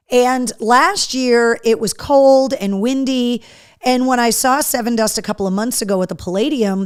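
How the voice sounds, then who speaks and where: Brief: woman, live show host, a touch high-pitched, dry close mic, easygoing and chatty. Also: clear, resonant tone, dry recording. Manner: chatty, reads viewer comments aloud. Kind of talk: casual live-stream chat.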